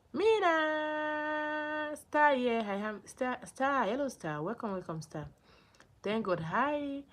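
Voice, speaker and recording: A young woman from Nigeria hosting a casual livestream, greeting viewers by name and answering their comments, often repeating herself. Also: on the low side. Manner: animated, repeats names and phrases, greets viewers. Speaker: livestream host.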